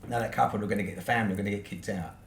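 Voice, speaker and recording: A British man with a low, steady voice and vocal fry talks very fast as a podcast guest, spinning a long casual story, swearing freely and capping points with "right?". The room echoes a bit and there's faint background noise.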